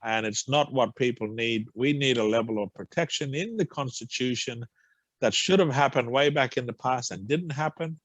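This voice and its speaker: A man's voice: mid-range voice, moderate pace, a bit bright, no echo. A man speaking as a guest at an online forum, earnest and repeating phrases for emphasis over a video call. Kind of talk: forum talk.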